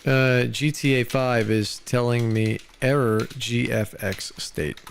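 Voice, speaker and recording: A man's voice: mid-range voice, fairly even intonation, slow, gravelly, a little hiss or hum. An American man chatting casually on a live stream, loose and rambling, full of "dude" and "like".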